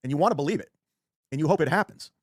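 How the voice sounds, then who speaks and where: A man on a livestream talks fast in a slightly high voice. He rambles and swears, restarting sentences as he goes. The sound is dry and close. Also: animated, slightly rough, no room sound. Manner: rambling, profane, self-interrupting. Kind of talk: casual livestream rant.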